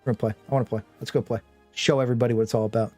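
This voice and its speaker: A man's voice: medium pitch, fairly even intonation, rapid-fire, a little mellow, faint music behind. A young man casually chatting with his viewers during a game live stream, rambling and joking, often with a laugh. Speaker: gaming streamer.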